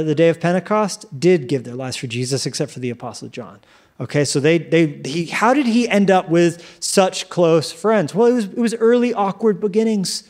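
A man delivering a sermon with a notably high-pitched voice. He jokes and acts out little inner voices, speeding up and slowing down for effect. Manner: animated, joking, acts out quoted inner voices. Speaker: pastor.

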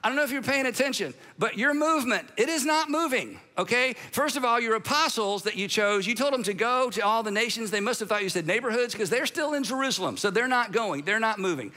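A man's voice: very high-pitched, animated, fairly quick, few pauses, bright, forceful tone, voice pushed up, heavily acted. A man voicing God the Father as an exasperated older boss who lectures his son and keeps asking "okay?". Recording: long hall reverb.

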